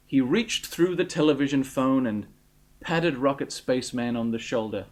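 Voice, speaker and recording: A man reading his own comic story aloud in a deadpan, dry narration. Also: mid-range voice, normal speed.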